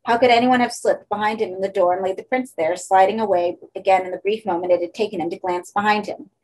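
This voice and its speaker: A woman narrating a horror story for an audiobook in a steady, measured way. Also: medium pitch, a little hiss or hum, poor audio.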